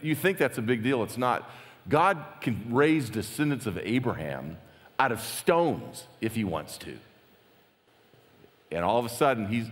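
A man preaching a conversational sermon as pastor, animated and lively, acting out the quotes he tells. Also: medium pitch, in a large hall.

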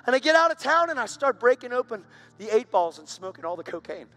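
A man giving an emotional testimony sermon, swinging from hushed whispers to loud outbursts. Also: very high-pitched, very animated, quick pace. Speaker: preacher.

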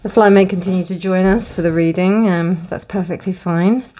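Low-voiced woman giving a tarot reading. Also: steady tone, moderate pace, dark tone. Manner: rambling, many restarts and fillers. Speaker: tarot reader. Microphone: close, dry room with windows closed.

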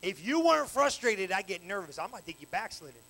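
A male pastor preaching a live evening sermon in church on a handheld mic, animated and colloquial with call-and-response. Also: high voice, fairly quick, poor audio. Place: church sanctuary, live service. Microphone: handheld microphone.

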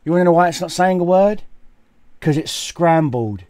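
A man giving mocking, profane commentary on a fight, scornful and animated. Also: fairly high pitch, moderate pace, no room sound, clean studio sound. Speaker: gaming and boxing commentator.

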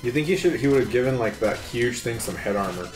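A man's voice: mid-range voice, animated, fast talker. A young man co-hosting a let's play with casual, joking commentary and frequent laughs. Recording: roomy echo, game music behind.

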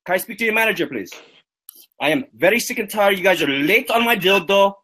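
A man's voice: sits high, lively intonation, brisk, pushed and bright. A man on a livestream making an indignant, swearing prank phone call and repeating himself.

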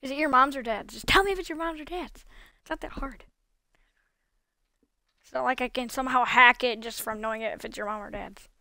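A woman's voice: sits high, fairly quick, vocal fry, pauses often, sharp tone, no echo, clean studio sound. A woman streaming a video game, chatting casually and coaxing, repeating herself a lot. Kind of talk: casual live-stream chatter while playing.

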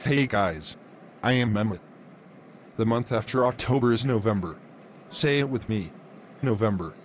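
A man's voice: lowish voice, animated, normal speed, a little hiss or hum, lightly acted. A man playing an upbeat, encouraging teacher character in a scripted English lesson. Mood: cheerful.

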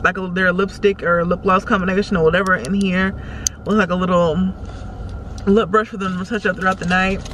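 A woman's voice: lowish voice, steady tone, fairly quick, fairly bright tone. Chatty woman in a car. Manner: chatty, rambling, easily exasperated. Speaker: makeup artist. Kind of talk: casual vlog chat. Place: in a car while driving in traffic. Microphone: camera in the car. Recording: car noise behind the voice.

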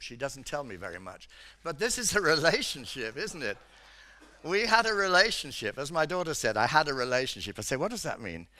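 A man's voice: fairly high pitch, pushed and bright. An older man from Britain, an economics professor giving a chatty seminar lecture, full of "you know" fillers.

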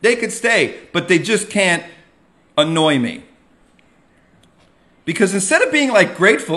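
Middle-aged male comedian host, ranting monologue, bright edgy tone. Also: sits high, a little slow, long pauses. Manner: animated, self-mocking ranting with sudden yells. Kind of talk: comic monologue.

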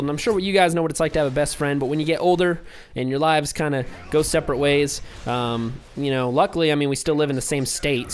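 A man's voice: a little high, slight background noise. A young man giving casual, rambling commentary over his video game play, hyper and easily distracted. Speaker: gaming commentator.

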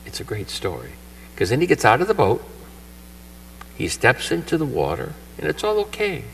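A man's voice: mid-range voice, huge pitch swings, moderate pace, creaky, fairly bright tone, a little hiss or hum. A male priest giving a homily at Mass in a church, telling the story conversationally and acting out the characters' lines with energy. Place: church shrine. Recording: voice from far off the mic.

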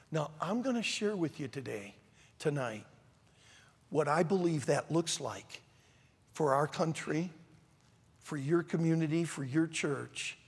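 A man preaching an animated sermon to a congregation, calling on them to answer back. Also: high voice, breathy edge. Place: large church or auditorium with long reverb. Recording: long hall reverb.

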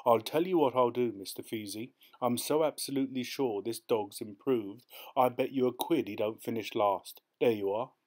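A man's voice: mid-range voice, moderate pace, few pauses, darkish tone, lightly acted. A man voicing a desperate male dog owner in an audiobook, pleading and insisting.

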